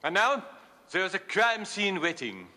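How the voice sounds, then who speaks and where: A man's voice: high-pitched, very animated, a little slow, bright, forceful tone, full character voice. An actor playing a bumbling, pompous male French police inspector with an exaggerated comic French accent and mangled words. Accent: mock French.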